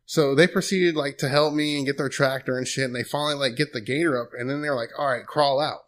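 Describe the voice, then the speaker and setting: A man's voice: mid-range voice, steady tone, fast. A man, telling a long story in profane, laid-back casual chat. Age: 20s. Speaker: guest.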